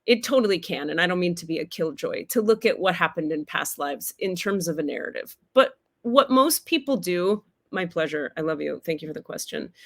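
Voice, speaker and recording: A woman hosts a live-streamed spiritual talk laced with comedy. She swings between hushed, earnest passages and loud, cursing outbursts. Her speaking voice sits at a middle pitch. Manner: animated, emphatic swings in loudness and pitch, casual swearing. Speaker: host and spiritual teacher.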